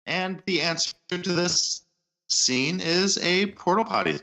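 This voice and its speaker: A man's voice: high voice, slow pace, bright, forceful tone, low-quality recording. A man co-hosting a podcast, chatting enthusiastically in a casual way. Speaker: podcast co-host. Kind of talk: casual chat.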